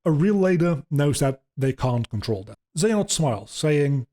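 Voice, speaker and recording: A man's voice: on the high side, very animated, moderate pace, warm tone. A man hosting a podcast, rambling casually with many ums and swears as he explains video game lore. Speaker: podcast host.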